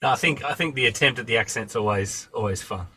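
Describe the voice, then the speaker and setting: Husky Australian man hosting. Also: mid-range voice, fast talker, bright, forceful tone. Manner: eager, chatty questions. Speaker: podcast host. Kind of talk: casual podcast interview.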